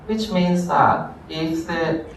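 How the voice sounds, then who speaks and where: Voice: mid-range voice, fairly even intonation, vocal fry, a little hiss or hum. Lecturer far off in an echoey classroom. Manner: explains slowly, checks on students. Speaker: law lecturer. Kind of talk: university lecture.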